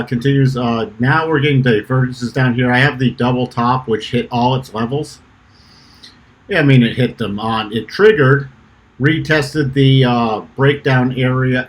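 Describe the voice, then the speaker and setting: A man's voice: mid-range voice, low-quality recording. A middle-aged man hosting his trading channel, talking through chart analysis in a rambling, self-correcting way with fillers. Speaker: trading channel co-founder and host. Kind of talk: casual chart analysis walkthrough.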